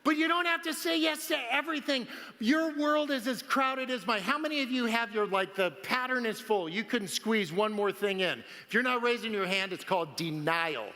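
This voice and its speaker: A man giving an animated, storytelling conference talk, laughing often as he goes. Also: very high voice, moderate pace, big-room sound, slight background noise. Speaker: conference speaker. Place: large conference hall.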